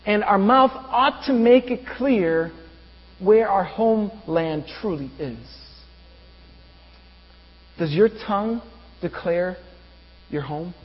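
High-voiced man preaching a sermon. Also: takes it slowly, pauses often. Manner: rhetorical questions to the congregation. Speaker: pastor. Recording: dull reverberant room with mains hum.

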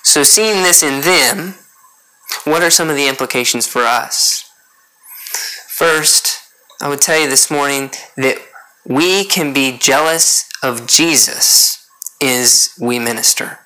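A preacher giving an earnest sermon in a bright, forceful voice. The delivery circles back to key points for emphasis and keeps pressing the congregation with questions. The pitch sits in a plain middle register. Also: slow pace, poor audio.

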